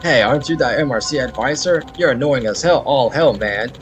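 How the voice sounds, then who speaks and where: A man's voice: mid-range voice, a little fast, faint music behind, close to an everyday voice. A man voicing a snarling teenage delinquent, reading game dialogue aloud with a crude, taunting manner. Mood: sneering.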